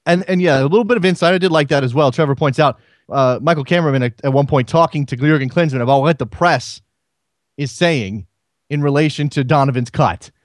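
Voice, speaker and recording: A male sports radio host chats loosely into a studio microphone, doubling back on his words as he works through a thought. His voice sits a little high for a man, and the sound is close and dry, with no room around it. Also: fairly quick, no room sound. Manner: chatty, repeats words while thinking aloud. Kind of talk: casual call-in radio commentary.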